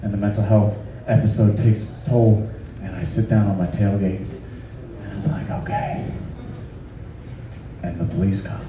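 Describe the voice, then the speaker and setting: A man's voice: on the low side, fairly even intonation, normal speed, long pauses, background noise. A man telling a loose, profane, self-mocking story on stage between songs. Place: live venue with audience. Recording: echoey live room, far off, crowd. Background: crowd laughing.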